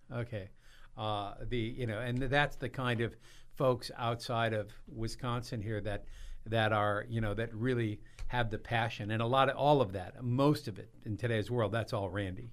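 A man's voice: medium pitch, normal speed. A man talking as a guest on a radio show, telling jokey stories and laughing often. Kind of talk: casual radio chat.

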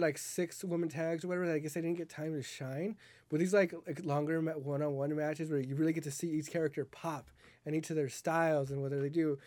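A man's voice: on the high side, no echo. Dry-sounding man podcast co-host. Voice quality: stammering, laughs often. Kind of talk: casual chat.

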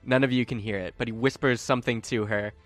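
A man's voice: medium pitch, steady tone, fast talker, no room sound, faint music behind. A man narrating as game master of a tabletop game in a casual, chatty way.

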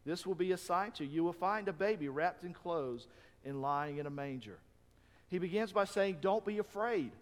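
A man preaching a sermon as a pastor, telling Bible stories with emphatic rises and hushed drops. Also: on the high side, normal speed, long reverb tail.

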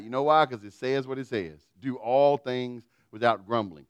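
A man's voice: mid-range voice, moderate pace, few pauses, smooth, no room sound. A man preaching a sermon in a folksy, humorous storytelling way. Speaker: pastor.

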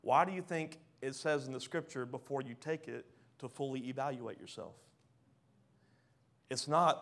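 A man preaching a sermon, reading scripture aloud and questioning the congregation, swinging from hushed lines to loud ones. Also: medium pitch, normal speed, gravelly. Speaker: pastor.

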